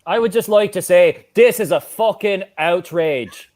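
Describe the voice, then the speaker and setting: A man's voice: sits high, a little slow, a little mellow. A man doing a furious Welsh-accented frog. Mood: outraged. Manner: ranting, outraged and crude. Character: foul-mouthed angry male frog, ex-mascot worker. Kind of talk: improv comedy character.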